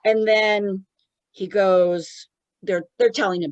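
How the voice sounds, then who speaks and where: A woman co-hosting a podcast in casual chat, retelling events in an animated way. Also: mid-range voice, slow pace, dry recording. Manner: animated retelling, acts out quoted lines. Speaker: podcast co-host.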